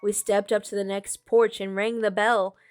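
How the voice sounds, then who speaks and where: A woman's voice: medium pitch, little pitch movement, normal speed, faint music behind. A woman streamer reading a storybook aloud, chatting with viewers and fixing small slips as she goes. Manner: chatty asides to chat, reads with small self-corrections.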